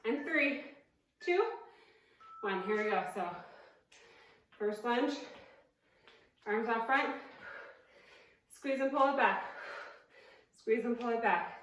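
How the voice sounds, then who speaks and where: Woman fitness instructor, out of breath, slow deliberate cues, very echoey room, far from the mic. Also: on the high side, fairly bright tone, a little hiss or hum. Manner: upbeat coaching, counting reps, self-deprecating asides. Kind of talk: workout class instruction.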